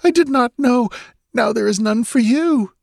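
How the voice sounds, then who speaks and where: A man reading aloud voices a frightened, pleading young woman, raising his voice high. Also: a little slow, gravelly, no echo, studio quality, exaggerated voice. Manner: high plaintive wailing.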